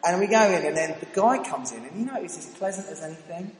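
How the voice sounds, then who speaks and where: A British man telling a lively, self-mocking story during a sermon at church. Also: a little high, quick pace. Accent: British English. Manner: animated, anecdotal, self-mocking. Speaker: church speaker. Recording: reverberant hall, faint ambience.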